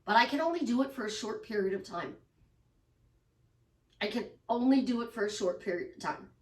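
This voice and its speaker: A woman's voice: a little high, expressive, brisk. A woman life coach talking casually to her followers, emphatic and repetitive, sometimes acting out the voices in people's heads. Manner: emphatic, repeats phrases, acts out inner voices. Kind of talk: casual monologue to camera. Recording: roomy echo, voice from a distance.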